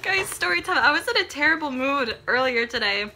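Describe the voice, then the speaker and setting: A woman's voice: sits high, expressive, fairly quick, bright, forceful tone. A young woman chatting casually in a vlog, bubbly and giggly with lots of fillers, filming on a handheld camera. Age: young adult. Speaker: vlogger. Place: friend's apartment at dinner, later outdoors at night. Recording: background music.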